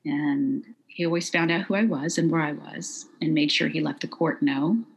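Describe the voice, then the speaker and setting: A middle-aged woman recounting a personal story in an interview, quiet, measured and halting. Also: deep voice, steady tone, slightly rough, low-quality recording. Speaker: guest.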